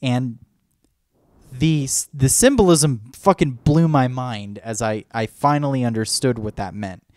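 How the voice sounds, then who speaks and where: This man co-hosts a podcast, rambling through an enthusiastic, casual fan chat and performing movie lines. He speaks in a mid-range, darkish voice at a slightly slow pace, and the recording is dry.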